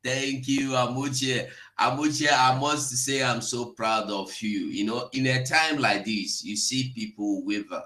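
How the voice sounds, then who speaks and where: A man hosting an audio chat, speaking slowly and deliberately as he praises a caller. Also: mid-range voice, sharp tone, reverberant.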